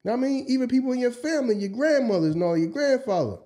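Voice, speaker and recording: A man co-hosting a casual podcast discussion, talking deliberately and driving his points home through repetition. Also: very high voice, lively intonation, warm tone. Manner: deliberate, hammers points by repeating them. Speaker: podcast co-host.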